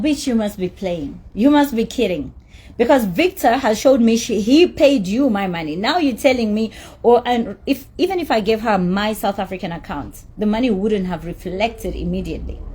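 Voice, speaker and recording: A woman's voice: a little high, darkish tone, slightly rough. A woman telling a story about a dispute in an angry rant, heated and emphatic, with swearing. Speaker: celebrity recounting a dispute.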